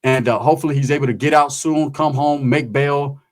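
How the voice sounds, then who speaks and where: A man's voice: mid-range voice, fairly even intonation, fairly quick. A man giving casual vlog commentary in streetwise, slang-heavy talk, swearing freely. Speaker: channel commentator.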